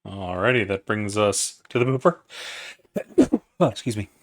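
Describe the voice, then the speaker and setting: A man serves as game master of a tabletop game. His voice sits low and he takes his time, calling out rolls and damage matter-of-factly with an occasional curse. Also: lively intonation. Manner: measured, matter-of-fact, profane.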